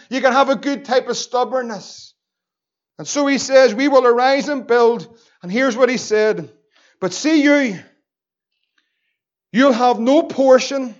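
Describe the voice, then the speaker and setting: A high-voiced Northern Irish man preaches a fervent sermon, rising again and again into shouted declarations. The church recording sounds dull and lo-fi. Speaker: pastor. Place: church building.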